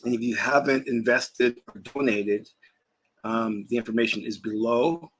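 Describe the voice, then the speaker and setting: A man with a mid-range voice, a fairly bright tone and a breathy edge speaks at normal speed. He hosts his own channel as a spiritual teacher, chatting casually and rambling in vlog fashion, laughing and now and then eating as he talks.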